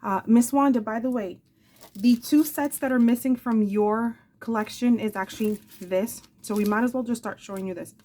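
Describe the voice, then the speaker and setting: A woman's voice: fairly high pitch, moderate pace, mellow. Chatty woman in her forties, crafting vlog. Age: 40s. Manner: chatty, affectionate, rambling asides. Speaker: craft channel host. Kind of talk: casual show-and-tell chat.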